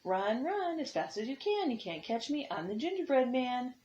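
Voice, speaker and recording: A woman voicing a cocky runaway gingerbread man in a high, taunting sing-song on a dull lo-fi recording. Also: big pitch swings, brisk, a little hiss or hum.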